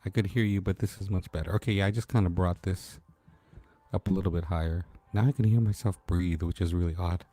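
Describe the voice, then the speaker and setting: Man, laid-back livestream host, chatty, greets viewers by name; lowish, warm tone. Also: steady tone, fast. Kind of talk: casual late-night livestream chat. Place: at home at night.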